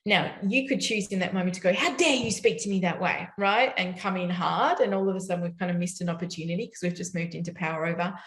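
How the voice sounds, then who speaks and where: A woman's voice: fairly low pitch, fairly even intonation, quick pace, few pauses, fairly bright tone. A woman giving a conversational parenting talk, often asking "right?" to check in with her listeners. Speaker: parenting educator. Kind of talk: summit talk. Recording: roomy echo.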